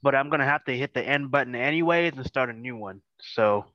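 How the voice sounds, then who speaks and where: A man hosting a casual podcast over a video call, talking in a relaxed, stuttery way with lots of fillers. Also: mid-range voice, fairly quick, dry recording, dull audio. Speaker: podcast host. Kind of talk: casual chat.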